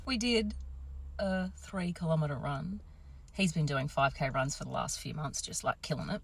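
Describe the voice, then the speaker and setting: A woman in her thirties, a confidence coach, casually telling a story to camera, lively and quick to swear. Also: low voice, gravelly, slightly rough. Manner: animated, swearing, acts out quotes.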